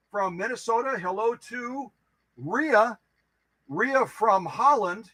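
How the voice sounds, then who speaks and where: Man, live stream host, high voice, dry close sound, goofy, playful, casual chat. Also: a bit bright, no room sound, low-quality recording. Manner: playful and goofy, jokes and repeats phrases.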